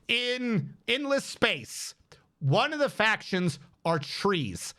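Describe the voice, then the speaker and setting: Streamer guy rambling about his game, kinda high voice, lots of "like"s. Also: takes it slowly. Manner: rambling, excitable, lots of fillers. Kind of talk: casual gameplay commentary.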